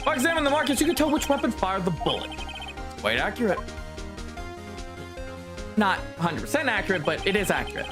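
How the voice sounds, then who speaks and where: A man's voice: high-pitched, very animated, brisk, pauses often, music in the background. A man voicing a determined young male defense attorney in a game, with emphatic, explanatory courtroom delivery. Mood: explaining.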